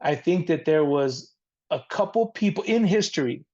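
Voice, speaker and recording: An earnest middle-aged man tells his life story as an interview guest. His voice sits a little high with plenty of gravelly fry. The recording sounds dull and lo-fi. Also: lively intonation, moderate pace, dark tone. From San Diego area, near the Mexican border. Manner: earnest, reflective, faith-centered. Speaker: guest, rock band frontman.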